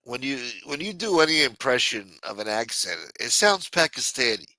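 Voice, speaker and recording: A man's voice: medium pitch, sing-song, normal speed, bright, forceful tone, no echo. A man hosting a casual live stream, rambling and swearing, reading chat aloud and acting out quotes in a raised voice.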